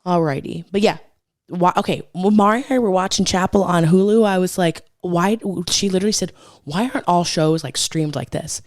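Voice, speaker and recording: A woman's voice: fairly low pitch, fairly quick, dry recording, clean studio sound. A woman co-hosting a podcast, telling a story in a chatty, gossipy way and swearing freely as she talks. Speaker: podcast co-host. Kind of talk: casual chat.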